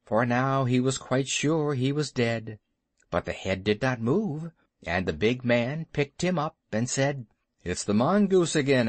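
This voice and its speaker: A man reading a classic story aloud as an audiobook narrator, expressive and lively. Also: mid-range voice, no echo.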